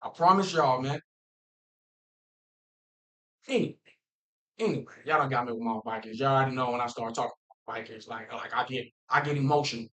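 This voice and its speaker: A man's voice: medium pitch, a little fast, pauses often, rough recording. Fired-up man ranting about football. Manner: animated, repetitive, talks straight to viewers; emphatic, restarts phrases often. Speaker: football fan vlogger. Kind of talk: casual sports rant.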